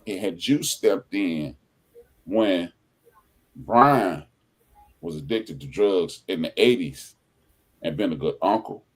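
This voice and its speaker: A man with a low voice hosting a podcast in loose, casual conversation. His pitch swings widely as he tells stories with energy. He slips into the voices of the people he quotes. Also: slow pace, long pauses. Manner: animated storytelling, acts out quoted people. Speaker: podcast host. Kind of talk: casual chat.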